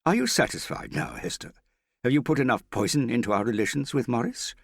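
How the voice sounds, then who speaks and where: A man's voice: mid-range voice, wildly swooping pitch, normal speed, creaky, a little mellow, breathy edge, no room sound, studio quality, pitched above the performer's own voice, heavily acted. A man voicing a stern older father who speaks in a demanding, threatening tone.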